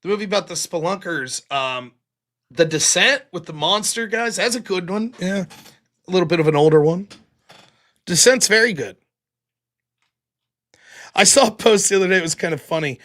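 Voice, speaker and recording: Bright, lively male stream host. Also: sits high, moderate pace, pauses often. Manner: rambling, profane, lots of fillers. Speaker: live-stream talk show host. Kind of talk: casual late-night stream monologue.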